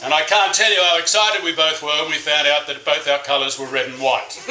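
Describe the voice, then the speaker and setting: A man's voice: fairly high pitch, expressive, moderate pace, bright, forceful tone, slight background noise. A man giving a best man's speech, telling fond stories with wry jokes. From Australia. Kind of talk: wedding speech. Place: wedding reception room. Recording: echoey reception room.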